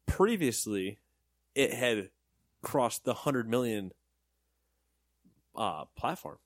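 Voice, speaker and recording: A young man hosts a relaxed gaming news podcast, cracking jokes and laughing between stories. His pitch moves lively up and down, and the sound is dry and close with no room. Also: slow, no echo. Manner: jokey, animated, laughs often. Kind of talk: casual chat.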